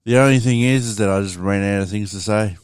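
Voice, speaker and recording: A man's voice: on the low side, fast, clear, resonant tone, no echo, clean studio sound. A man hosting a podcast, rambling casually through a story and swearing freely as he talks to his listeners. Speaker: podcast host.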